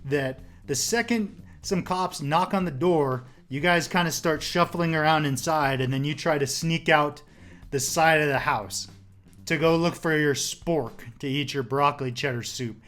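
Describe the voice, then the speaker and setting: A man voicing a forceful male police officer who barks commands and swears. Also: fairly high pitch, unhurried. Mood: sarcastic. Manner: yelling commands, crude.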